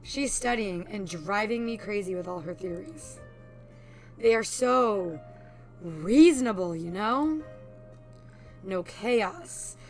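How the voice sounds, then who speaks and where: A woman voicing a brainy young male scholar who loves chaos and talks excitably about his sibling. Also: medium pitch, takes it slowly, long pauses, faint music behind. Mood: exasperated.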